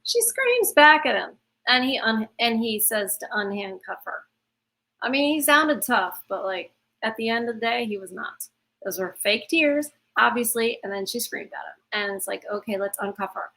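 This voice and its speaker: A woman's voice: fairly high pitch, animated, moderate pace, sharp tone. A woman giving blunt, opinionated reaction commentary.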